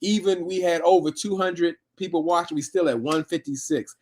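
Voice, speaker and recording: A man's voice: on the high side, moderate pace. A man co-hosting a casual live stream with his wife, reading viewer comments aloud and laughing often. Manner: relaxed, laughs often, reads chat aloud. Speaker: co-host of a live review show.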